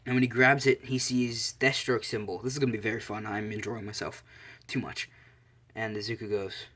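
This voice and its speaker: A man's voice: fairly low pitch, level tone, a little fast, a bit bright. Male storyteller, improvised and rambling, self-amused asides. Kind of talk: improvised casual story narration.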